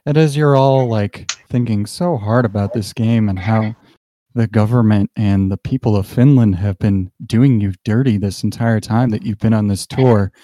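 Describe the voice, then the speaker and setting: A man narrating as game master in a relaxed, halting way with fillers. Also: on the low side, no echo.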